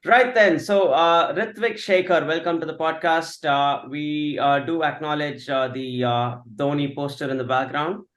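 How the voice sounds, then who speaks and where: A man's voice: a little high, fairly even intonation, measured pace, hardly any pauses, fairly bright tone, roomy sound. A man hosting a casual cricket podcast over a video call, teasing his guests and bringing each one in with plenty of fillers. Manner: jokey, introduces guests with fillers. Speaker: podcast host.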